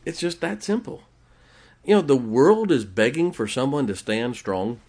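A man's voice: medium pitch, animated, moderate pace, darkish tone, husky. A man preaching a conversational sermon in a folksy way, often laughing as he talks.

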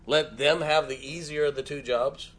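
A man's voice: fairly high pitch, steady tone, normal speed, fairly bright tone, slight background noise. A middle-aged man preaching a sermon as pastor, folksy and often joking and laughing with the congregation.

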